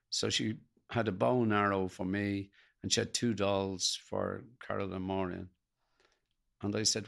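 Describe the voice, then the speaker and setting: An older Irish man recounts his story as an interview guest, speaking plainly and earnestly. His voice sits fairly low and carries a gravelly rasp. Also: steady tone, moderate pace, fairly bright tone. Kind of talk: personal storytelling in a podcast interview.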